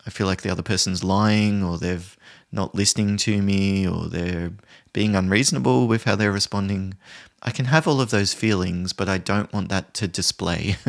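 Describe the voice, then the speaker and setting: A man who trains people in conflict resolution, giving a calm, measured solo talk. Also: low-pitched, vocal fry. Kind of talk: podcast explainer, solo talk.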